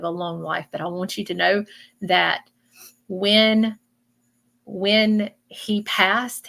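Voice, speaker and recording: Gravelly woman giving an emotional reading. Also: mid-range voice, a bit bright. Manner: emotional, repeats phrases, addresses viewers as y'all. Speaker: psychic medium. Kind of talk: live-stream reading.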